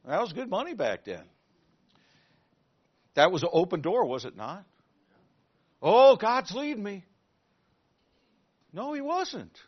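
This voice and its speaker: Man, pastor, sermon, questions the congregation, loud then quiet, high voice. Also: muffled recording. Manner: asks the congregation questions, swings from loud emphasis to quiet asides.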